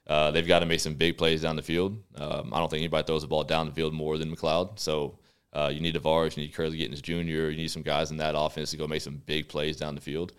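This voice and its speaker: A man from Texas in his thirties, a football quarterback talking as a guest in a radio studio, relaxed and rambling with lots of fillers. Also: extremely low pitch, clear, resonant tone. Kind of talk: casual radio interview chat.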